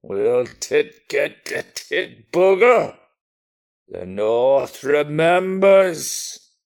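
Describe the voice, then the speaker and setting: A blunt, gruff local with a broad, put-on northern English accent who clips his words , as a man acts him out. He speaks high and drags every word out very slowly. It is a comic radio sketch. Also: big pitch swings, exaggerated voice. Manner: drawling, clipped words. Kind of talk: amateur radio comedy sketch.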